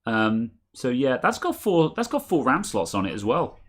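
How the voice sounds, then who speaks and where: A man's voice: medium pitch, huge pitch swings, moderate pace, a bit bright. A man co-hosting a casual tech stream over a video call, rambling and correcting himself as he reads viewer comments. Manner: rambling, self-correcting, chuckles often. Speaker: tech podcast co-host reading super chats.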